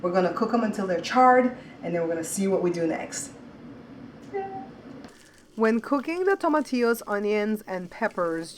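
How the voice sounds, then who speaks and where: A woman hosting a home cooking show in casual chat, chatty and repetitive, talking to viewers as guys. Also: medium pitch. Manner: chatty, repeats words, addresses viewers as guys.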